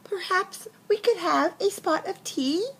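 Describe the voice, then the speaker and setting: A woman voicing a small, polite male mouse who apologises softly but keeps asking for tea and cheese, in a storybook read aloud. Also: very high voice, a little slow, pitched above the performer's own voice, heavily acted.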